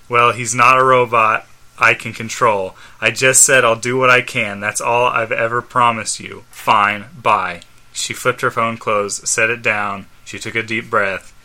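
A man on a casual podcast reading fan fiction aloud, halting and stumbling over lines and laughing at the text. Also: on the low side, sharp tone. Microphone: studio microphone.

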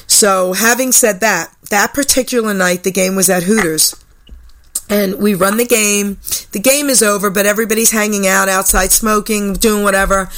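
An older woman hosting a radio talk show, telling a story with lively acted-out quotes. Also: medium pitch, moderate pace. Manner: animated, acts out quoted voices. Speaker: radio host. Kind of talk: storytelling chat. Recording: radio broadcast.

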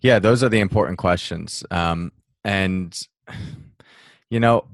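A man who teaches mindfulness, talking through an interview answer in a relaxed, reflective way and acting out passing thoughts with small laughs. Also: low-pitched, slow, creaky, no echo.

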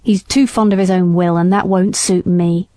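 A woman voicing a rough, hot-tempered male builder who speaks gruffly. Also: fairly low pitch, fairly even intonation, normal speed, warm tone, no echo, lightly acted.

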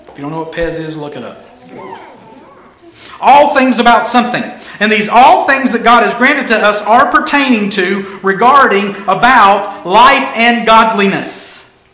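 Emphatic high-voiced male preacher, echoey room. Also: sharp tone. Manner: emphatic, repeating key phrases. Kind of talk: sermon.

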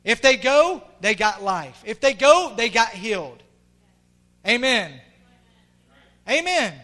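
A middle-aged male pastor preaches with fervor, his voice sitting unusually high for a man. His tone is bright and forceful, sinking to near-whispers before climbing to shouts. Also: very animated, takes it slowly. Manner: impassioned, swinging from hushed to shouting. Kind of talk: sermon.

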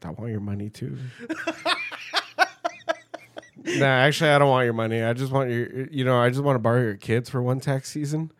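A man's voice: medium pitch, normal speed, pauses often, no echo. A man in casual chat, joking and teasing his friend. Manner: joking, teasing, lively delivery.

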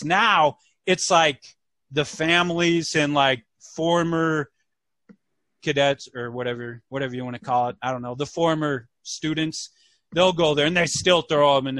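A man with a fairly high voice co-hosts a casual podcast, telling a long story in an animated way and switching voices to play the people in it. There is no room sound.

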